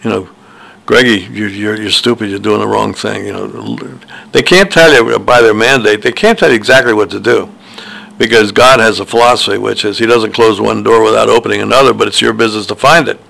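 A man's voice: lowish voice, fairly quick, gravelly, pushed and bright, low-quality recording. An older man, an author, telling personal stories in a meandering, hesitant monologue full of fillers and restarts. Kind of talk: rambling personal storytelling monologue.

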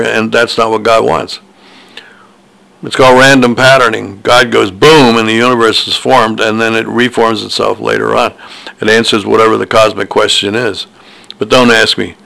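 An older man with a gravelly, crackling voice at an ordinary middle pitch, rambling through personal stories. He meanders and restarts often, filling pauses with ums and uhs as he talks. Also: pushed and bright. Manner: meandering, hesitant, with many fillers and restarts. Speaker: author. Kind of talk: rambling personal storytelling monologue.

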